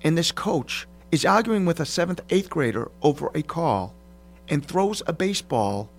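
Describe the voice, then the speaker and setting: A middle-aged man hosting a casual talk show, telling stories in a lively way. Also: on the high side, normal speed. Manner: lively storyteller, laughs while telling. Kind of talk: casual podcast chat.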